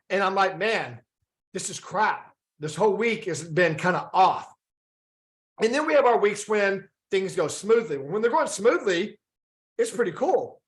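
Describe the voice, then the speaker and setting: A man's voice: sits high, fairly bright tone. A man coaching a group over a video call, talking casually, asking the group rhetorical questions and acting out the thoughts people have. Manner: acts out quoted inner thoughts. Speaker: fitness and wellness coach.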